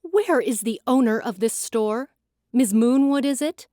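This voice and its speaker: A woman voicing a stern female guardian lawkeeper who speaks loud and commanding. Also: on the high side, expressive, a little slow, no room sound, studio quality.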